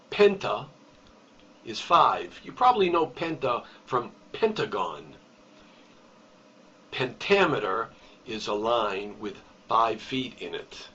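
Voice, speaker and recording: A man explains poetry in a measured, unhurried way and leans on each key term. His voice sits at an ordinary pitch. The recording sounds dull and lo-fi, as if the mic were set back from him. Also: pushed and bright, far from the mic. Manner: slow, deliberate explaining with emphasis on key terms. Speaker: teacher.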